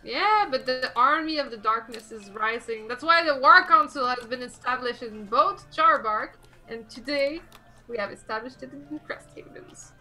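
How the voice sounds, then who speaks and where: A woman with a high, bright voice plays her character in a tabletop role-playing game. Her manner is bubbly and playful. Faint music plays behind her. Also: animated, normal speed, poor audio. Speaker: player.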